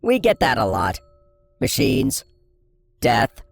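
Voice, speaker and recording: A man's voice: medium pitch, wildly swooping pitch, takes it slowly, creaky, pitched above the performer's own voice, full character voice. A man voicing a friendly, sassy alien robot with a light digital voice in an audiobook. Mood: playful. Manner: light-hearted, playful. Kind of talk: audiobook character voice.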